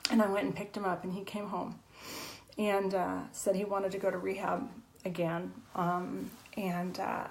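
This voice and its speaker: A woman's voice: medium pitch, flat delivery, unhurried, vocal fry, slight background noise, poor audio. A woman author guest on a video call, earnestly sharing an emotional personal testimony, tearful at times, with many fillers and restarts.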